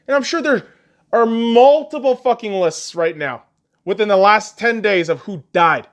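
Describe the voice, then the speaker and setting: A podcast host on an angry, profane rant, swinging between shouting and low muttering. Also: male voice, big pitch swings, normal speed.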